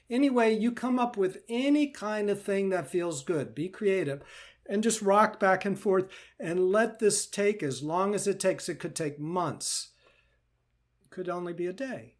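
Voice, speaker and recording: A man teaching meditation in a live question-and-answer session, speaking gently and reassuringly and often repeating phrases. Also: sits high, lively intonation, measured pace. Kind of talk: live Q&A talk.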